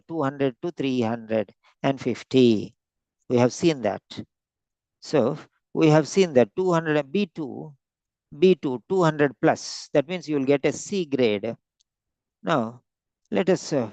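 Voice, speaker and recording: Guy teaching vocab online, super slow, dry close mic. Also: fairly high pitch, mellow, dry recording. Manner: slow, repeats words, stretches them out to stress them. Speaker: English teacher.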